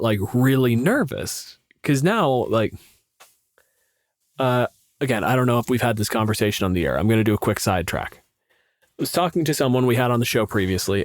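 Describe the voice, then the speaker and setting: A man's voice: medium pitch, dry recording, clean studio sound. A man co-hosting a podcast in casual chat, rambling and self-deprecating, drifting into sidetracks. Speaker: podcast co-host and game master.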